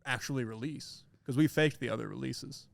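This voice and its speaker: A man's voice: mid-range voice, a little fast, vocal fry. A man taking part in a comedy podcast, laid-back and dry in casual chat.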